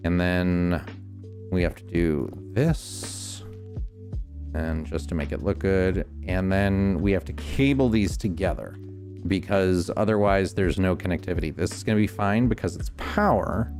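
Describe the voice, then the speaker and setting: A man streaming a game, calmly explaining each step as he builds and thinking aloud. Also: low-pitched, a little slow, faint music behind. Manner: relaxed, many ums and restarts. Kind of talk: casual gameplay commentary.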